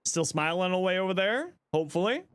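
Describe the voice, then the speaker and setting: Young man, game streamer, casual jokey chat, animated delivery on a desk mic. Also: high-pitched, brisk, smooth, no echo. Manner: chatty, reads chat aloud, jokey. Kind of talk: casual live game commentary.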